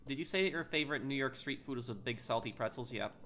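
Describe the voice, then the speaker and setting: Bright-voiced chatty male streamer. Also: medium pitch, a little hiss or hum. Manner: chatty, halting, restarts while reading chat. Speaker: game streamer. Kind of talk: casual live-stream chat.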